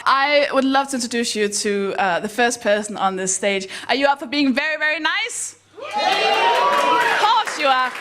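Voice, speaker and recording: A woman with a notably high voice performs stand-up with dry, self-mocking delivery. She breaks now and then into shrill, excited voices for the people in her stories. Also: moderate pace, some chatter behind. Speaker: stand-up comedian and compere. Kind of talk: stand-up comedy set.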